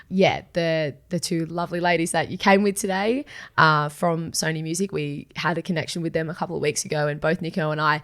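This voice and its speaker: A woman with a croaky, slightly raspy voice, co-hosting a podcast in friendly, rambling talk. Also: low-pitched. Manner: friendly, rambling, many fillers. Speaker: podcast co-host. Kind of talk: casual chat.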